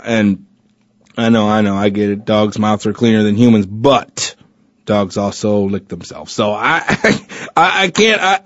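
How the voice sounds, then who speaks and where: A man's voice: mid-range voice, dry recording. A man hosting a casual chat show, rambling with lots of fillers and restarts, joking as he goes. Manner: chatty and joking. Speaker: podcast host. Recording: dull lo-fi recording.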